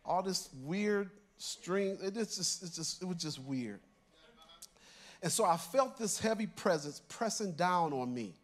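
A man's voice: high-pitched, expressive, a little slow. An older man, a church elder, preaching a sermon by telling a personal story in a conversational way and chuckling through his lines.

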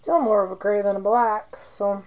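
A woman's voice: mid-range voice, fairly even intonation, moderate pace, lo-fi sound. A woman in her forties chatting casually as she demonstrates soap making, rambling into joking asides. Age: 40s.

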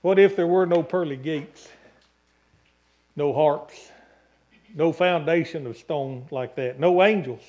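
In a church sanctuary, a male pastor preaches emphatically, building long repeated lists and calling for amens. His voice is on the high side and a little mellow, slow with frequent pauses, and the recording has its highs cut off.

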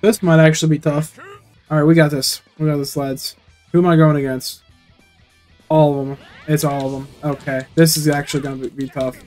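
A young man giving let's-play commentary, excitable and swearing often as he rants at the game he is playing. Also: a little high, fairly quick. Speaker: gaming YouTuber. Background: faint game music.

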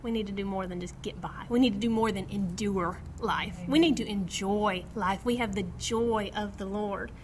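A woman's voice: medium pitch, moderate pace, few pauses, a little hiss or hum. A middle-aged woman teaching a Bible study to a small group, reading scripture aloud and acting out quotes with laughter. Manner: animated, acts out quotes, laughs often, reads scripture aloud.

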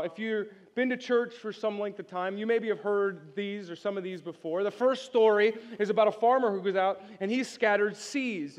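A male pastor preaching a sermon, energetic and joking, calling on the congregation to answer back. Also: high voice, big-room sound. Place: church sanctuary.

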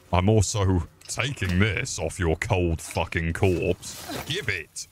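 A man's voice: lowish voice, lively intonation, slow pace. Swearing streamer man. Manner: swearing, self-mocking. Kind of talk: crude live-stream commentary.

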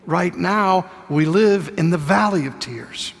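An older man preaching a sermon, telling stories intimately and sometimes dropping to a soft whisper. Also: sits high, expressive, slow, vocal fry, long reverb tail.

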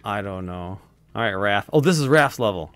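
A man chatting casually while playing retro games, his pitch jumping around with lively swings. He reacts with quick outbursts and laughs easily. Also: soft background music. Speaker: game player and co-host. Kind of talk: casual let's-play chat.

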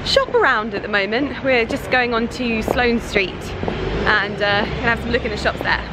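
A young woman, chatting excitedly to her handheld camera while out shopping, full of fillers. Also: on the high side, moderate pace. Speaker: vlogger. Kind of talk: casual vlog chat. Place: out and about in shops, streets and a bridal boutique. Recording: noisy street and shop audio.

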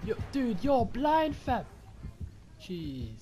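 Excitable young man gaming. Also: sits high, takes it slowly, faint music behind. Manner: slangy, excitable, swears often. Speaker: gaming YouTuber. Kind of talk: casual gameplay commentary.

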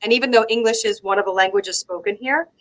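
Animated Southern American woman, storytelling. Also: medium pitch, fast, poor audio. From United States. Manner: animated storyteller, laughs often. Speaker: guest. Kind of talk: casual conversation on a live stream.

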